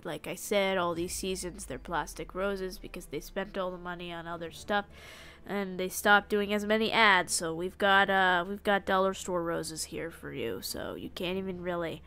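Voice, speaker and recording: A woman's voice: fairly low pitch, fairly even intonation, normal speed, a bit bright. A young woman streaming a game live, playful and dramatic, swinging from mock-solemn to giddy squeals.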